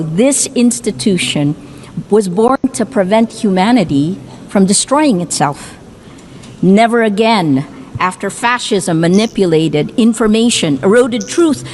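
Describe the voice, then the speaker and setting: Filipino woman, formal assembly speech, measured and emphatic, mid-range voice, faint background hiss. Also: mid-range voice. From Philippines. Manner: measured, emphatic delivery with deliberate pauses. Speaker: speaker addressing the UN assembly. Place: large assembly hall.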